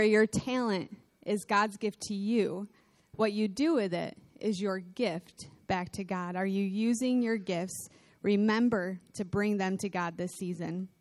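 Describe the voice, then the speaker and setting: A woman's voice: mid-range voice, dry recording. A woman pastor delivering a conversational sermon, telling personal stories with laughing asides.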